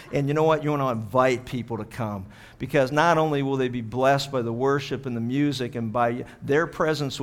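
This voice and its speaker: A man's voice: medium pitch, gravelly. A man from Pittsburgh, a pastor, telling a story in a chatty sermon full of "you know" asides.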